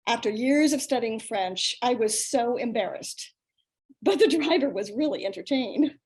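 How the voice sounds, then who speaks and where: An older woman reading her own personal story aloud over a video call, in a lively, self-mocking storytelling manner. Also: fairly high pitch, moderate pace.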